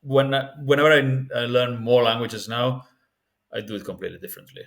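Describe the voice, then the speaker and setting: A man's voice: medium pitch, a little fast, fairly bright tone. A man giving a casual spoken tutorial on learning languages, candid and rambling, often restarting his sentences.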